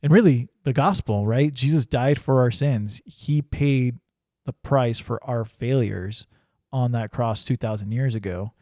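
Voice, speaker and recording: A man's voice: medium pitch, a little slow, warm tone, dry recording, studio quality. A man sharing a personal faith story in casual conversation, earnest and full of restarts. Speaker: ranch crew member sharing testimony.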